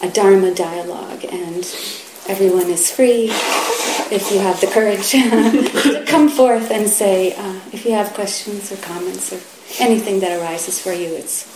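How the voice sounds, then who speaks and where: A middle-aged woman giving a Zen dharma talk, soft and halting, often sinking to a whisper. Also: medium pitch, background noise. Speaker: Zen teacher. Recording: roomy hall echo, faint ambience.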